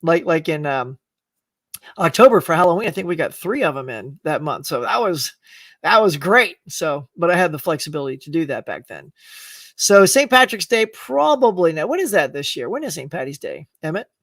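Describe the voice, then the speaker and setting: A middle-aged man with a fairly high voice chats loosely with his live audience, rambling from topic to topic and laughing along the way. The sound is dry, with the mic set a little back from him. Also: normal speed, dry recording, distant mic. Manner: rambling, animated, laughs often. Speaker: live-stream host answering chat. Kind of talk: casual chat.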